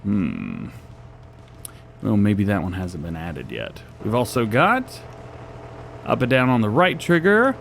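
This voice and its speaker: A man's voice: lowish voice, big pitch swings, takes it slowly, gravelly, long pauses, fairly bright tone, slight background noise. A man hosting a gaming channel, giving chatty gameplay commentary and laughing often, while he is losing his voice.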